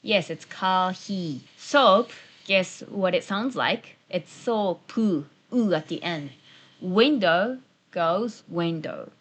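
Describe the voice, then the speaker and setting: A woman teaching travel phrases, modeling them slowly and deliberately in a friendly lesson. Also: on the low side. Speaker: Japanese language teacher. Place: New Zealand-based channel. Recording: soft background music.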